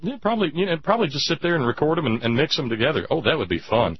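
Husky sarcastic talk radio host. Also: male voice, on the high side, lively intonation, racing, dry recording. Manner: emphatic, sarcastic, chatty with listeners. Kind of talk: political talk radio commentary. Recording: dull lo-fi radio recording.

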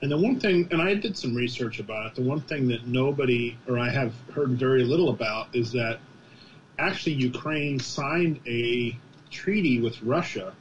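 Mid-pitched man, meandering talker, dull sound with faint background noise. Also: moderate pace. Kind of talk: casual chat.

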